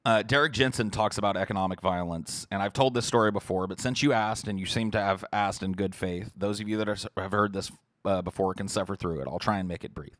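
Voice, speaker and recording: A man's voice: on the low side, fast, a bit bright, no echo, studio quality. A podcast host, a man, giving a heated, profane livestream rant while answering chat messages.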